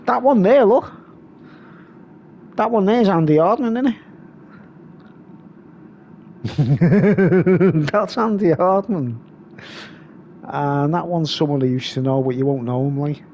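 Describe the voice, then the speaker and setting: A man's voice: fairly high pitch, takes it slowly, pauses often, muffled recording, a little hiss or hum. A man hosting a live stream, rambling casually and reading comments aloud.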